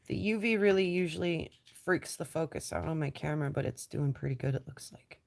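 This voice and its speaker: Lower-voiced woman with a stuffy nose and a raspy voice, rambling through a relaxed live-stream show-and-tell. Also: brisk. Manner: chatty, rambling, trails off with ums. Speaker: lapidary showing rocks to viewers. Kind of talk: casual live-stream chat.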